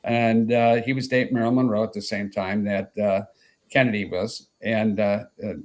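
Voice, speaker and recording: A man's voice: fairly low pitch, flat delivery, normal speed. A man in his sixties from Chicago telling long stories as an interview guest, rambling with many fillers and asides. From Chicago, USA. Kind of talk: anecdotal storytelling in an interview.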